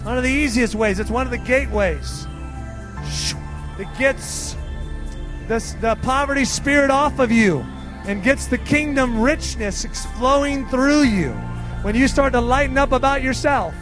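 High-voiced man preaching over music. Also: measured pace. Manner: bursts of laughter and ecstatic shouts; speaking in tongues. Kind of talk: charismatic sermon, praying over people. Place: church hall with live worship music. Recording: music playing behind the voice.

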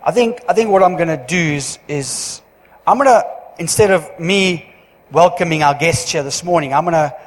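A man giving church notices as pastor, chatty and joking, with halting restarts. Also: a little high. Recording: long hall reverb.

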